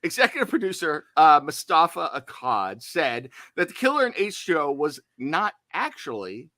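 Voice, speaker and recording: A man's voice: on the high side, sing-song, moderate pace, sharp tone, no echo. A man co-hosting a horror movie podcast, chatting casually with jokey, self-deprecating asides. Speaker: podcast co-host.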